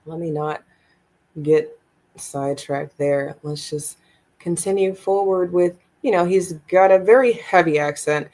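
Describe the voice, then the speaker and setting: A woman's voice: lowish voice, darkish tone. A woman hosting a live stream, reacting to a clip and musing aloud with many asides. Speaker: host.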